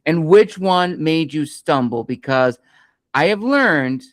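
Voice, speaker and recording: A man's voice: on the high side, lively intonation, slow, dry recording. A man hosting an interview, asking long, friendly questions with fillers. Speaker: interview host.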